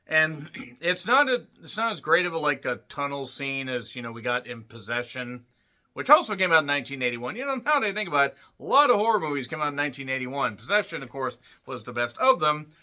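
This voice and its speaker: A man giving a rambling, irreverent movie review with crude jokey asides, often clearing his throat. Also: on the high side, very animated, a little fast, sharp tone. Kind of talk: casual movie review monologue.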